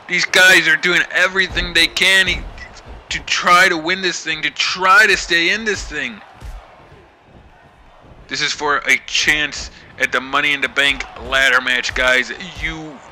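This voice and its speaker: A man doing excited play-by-play wrestling commentary as host of his channel, building up to shouts at the big moments. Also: on the high side, measured pace, slight background noise.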